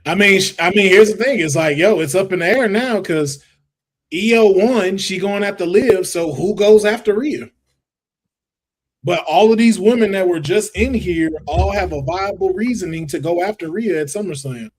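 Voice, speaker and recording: A man co-hosting a casual wrestling watch-along, animated and joking as he riffs with friends. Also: sits high, husky. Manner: animated, joking, quick to riff. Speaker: wrestling show co-host.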